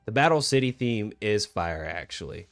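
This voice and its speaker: Young male streamer, low-pitched, relaxed rambling chat over faint music. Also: moderate pace, creaky. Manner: laid-back, rambling, lots of "like" and restarts. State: hiccuping. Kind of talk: casual gaming stream chat.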